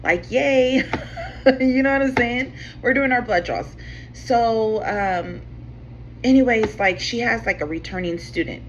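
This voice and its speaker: A tarot channel host chats casually at a measured pace, her voice a little high. She rambles through a story packed with "like" and "you know what I'm saying," swearing freely. The sound is slightly dull, with faint room ambience and slight background noise.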